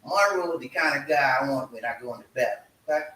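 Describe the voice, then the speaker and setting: A man hosting a casual live chat show from home, excitable and energetic as he hypes up his viewers. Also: mid-range voice, fast talker. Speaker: show host. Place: room at home. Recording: echoey room, voice from far off.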